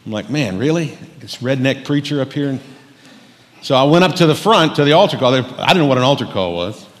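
A middle-aged pastor delivers a humorous sermon in a church sanctuary, spinning folksy stories full of jokes. His medium-pitched voice is animated and a little fast, and the recording carries the long reverb of a church hall.

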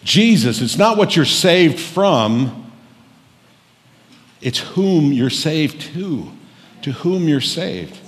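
Brief: middle-aged male pastor, folksy jokey sermon delivery, slightly high voice, long church reverb. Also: sing-song, drawn-out words, long pauses. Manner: folksy storytelling with jokes. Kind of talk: humorous sermon. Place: church sanctuary.

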